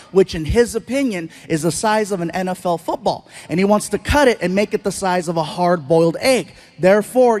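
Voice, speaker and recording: High-voiced man telling stand-up stories. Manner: animated, playful storytelling with voices. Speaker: stand-up comedian. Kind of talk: stand-up storytelling.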